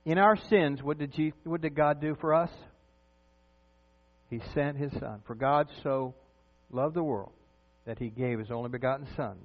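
Male pastor, middle-aged, chatty sermon style, narrow phone-like sound with a low hum. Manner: conversational preaching with questions to the congregation.

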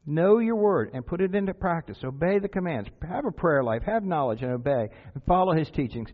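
A man's voice: on the high side, expressive, fairly quick. A man preaching a sermon to his congregation as its pastor, urging them on with earnest repeated exhortations and rhetorical questions. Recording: tinny phone-like sound with faint music.

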